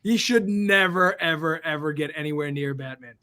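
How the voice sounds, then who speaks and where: A man's voice: on the high side, moderate pace, sharp tone, clear, resonant tone. A middle-aged American man hosting a casual comedic talk show over a video call, full of joking, self-mocking asides. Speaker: podcast host.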